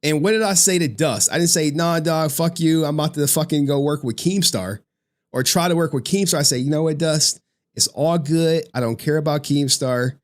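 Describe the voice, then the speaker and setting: A male streamer hosting a casual chat, talking in a profane and animated way and repeating other people's phrases back. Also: a little high, moderate pace. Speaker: streamer host.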